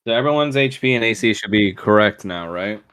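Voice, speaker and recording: A man's voice: fairly low pitch, lively intonation, fairly quick, fairly bright tone, clear, resonant tone. A man running a tabletop game, chatting matter-of-factly about fixing the game setup. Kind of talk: casual chat before a game session.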